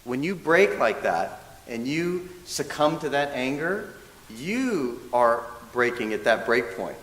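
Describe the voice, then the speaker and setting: Working as a minister's assistant, a man with a mid-range voice gives a dharma talk in a church hall, telling a story as a sermon. He's lively and self-mocking, laughing often and acting out what people said. The recording is echoey with faint hiss.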